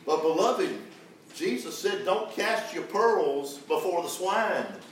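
A preacher man delivers a fervent sermon, calling out to his congregation for answers. His fairly high voice rings through a very echoey church hall. He is heard from a distance on the mic, with faint room noise behind him. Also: animated, slow pace. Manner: fervent, calls for congregation responses. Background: congregation answering amen.

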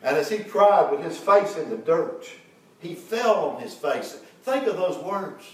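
A man's voice: a little high, expressive, measured pace. A middle-aged man preaching an impassioned sermon as pastor, building to fervent peaks. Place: church sanctuary. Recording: very echoey room, mic at a distance.

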